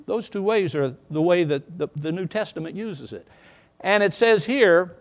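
A man preaching in a slightly high voice. He drops to quiet, low asides and then climbs into loud, emphatic bursts. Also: expressive, fairly quick, creaky. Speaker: pastor. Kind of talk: sermon.

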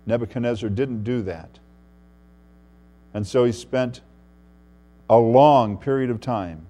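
A man preaching an expository sermon, reading scripture and explaining it, who often drops to a hushed voice for emphasis. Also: medium pitch. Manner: preaching with wide swings in loudness, dropping to a hushed voice for emphasis. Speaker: pastor.

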